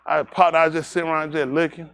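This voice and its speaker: A man's voice: a little high, level tone, fast, vocal fry, a bit bright, smooth. A man telling an anecdote to a congregation and drawing a moral from it. He keeps repeating "I said", laughs through the telling, and turns to blunt warnings for young listeners. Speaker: speaker at a livestreamed congregation.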